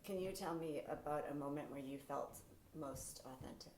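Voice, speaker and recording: Low-voiced woman interviewer. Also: moderate pace, darkish tone, slight background noise, low-quality recording. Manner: brief plain questions. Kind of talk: interview questions.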